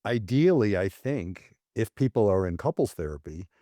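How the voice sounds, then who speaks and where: A man's voice: on the low side, sing-song, moderate pace, warm tone, no echo, clean studio sound. A male psychologist speaking as a podcast guest, reflective, illustrating his points with quoted examples from couples. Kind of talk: podcast interview.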